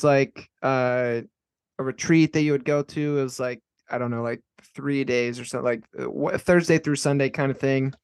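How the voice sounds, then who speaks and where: A man's voice: on the high side, clean tone, dry recording. A man hosting a podcast, talking casually with fillers. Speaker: podcast host.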